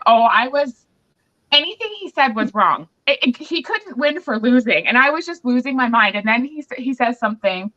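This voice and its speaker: A woman's voice: a little high, lively intonation, moderate pace, fairly bright tone. A pregnant woman hosting a podcast, telling a candid story in casual chat and acting out both sides of a quarrel. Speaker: podcast host. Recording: muffled lo-fi recording.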